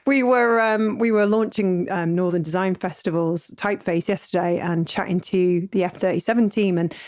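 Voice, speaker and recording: A woman's voice: lowish voice, steady tone, moderate pace, a little mellow. A woman hosting a podcast, chatting in a bubbly, teasing way and laughing often. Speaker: podcast host. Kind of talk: casual podcast chat.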